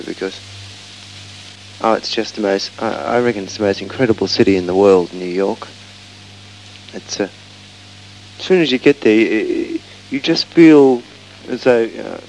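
Rambling low-voiced man telling a story. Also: a little mellow, a little hiss or hum, rough recording. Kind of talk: casual travel anecdote.

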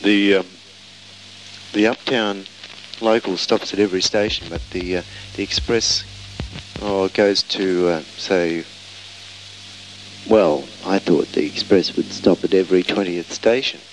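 A man's voice: low-pitched, steady tone, unhurried, long pauses, slight background noise, low-quality recording. A man telling a casual, meandering travel anecdote. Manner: rambling, meandering storytelling.

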